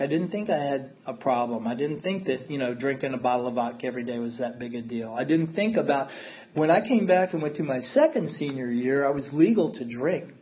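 A middle-aged man gives a candid recovery-meeting share, pressing his points by repeating them. His voice sits a little high for a man. The audio is thin and narrow, as if heard over a telephone line. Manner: candid, emphatic storytelling with repeated phrases. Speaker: recovering alcoholic sharing his story. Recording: tinny phone-like audio.

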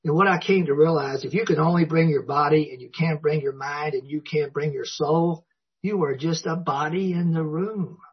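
Older male speaker, folksy storyteller, breathy voice, a bit high. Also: fairly even intonation, moderate pace. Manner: folksy storytelling, acts out dialogue. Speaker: recovery meeting speaker. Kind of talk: personal recovery talk. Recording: dull lo-fi recording.

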